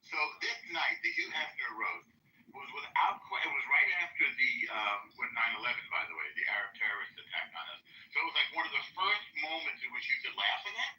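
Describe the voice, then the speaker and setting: A man's voice: mid-range voice, big pitch swings, fast, sharp tone, a little hiss or hum. A man telling an anecdote in a group chat, insistently holding the floor. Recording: echoey and distant.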